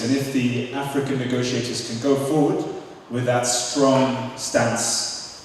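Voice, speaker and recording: A man chairs a meeting in a measured way with some ums and introduces the next speaker. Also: medium pitch. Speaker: meeting moderator. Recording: echoey hall, mic far off, faint noise.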